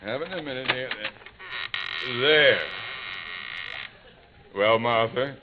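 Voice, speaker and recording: An actor playing a blustering, self-important middle-aged bank clerk turned farmer in a 1950s radio comedy. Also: male voice, mid-range voice, slow, close to an everyday voice. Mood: coaxing. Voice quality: pompous, blustery. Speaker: lead character. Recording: scratchy old broadcast recording, tinny and hissy.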